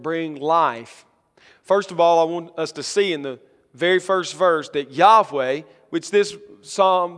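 A man with a notably high voice delivers a sermon from the pulpit. He reads scripture slowly and builds to emphatic, rising lines, and his voice rings on in the long reverb of a church sanctuary. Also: fairly bright tone. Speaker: pastor.

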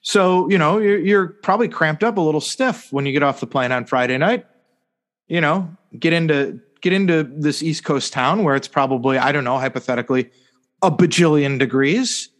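A man's voice: fairly high pitch, normal speed. A man co-hosting a casual sports podcast, rambling through a sarcastic story full of fillers and mock-serious "hypothetically" asides. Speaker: podcast co-host.

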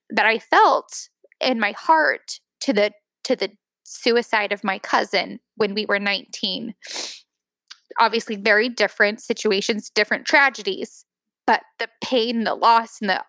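A woman in her thirties telling an emotional personal story as a podcast guest, teary and halting, with many restarts and fillers. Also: on the high side, bright, forceful tone, no echo.

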